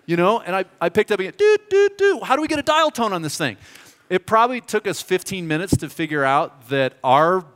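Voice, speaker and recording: American pastor guy, middle-aged, bouncy storytelling, kinda high voice, big echoey hall. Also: a little fast. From United States. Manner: animated, joking, conversational. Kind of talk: sermon with storytelling. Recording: reverberant hall.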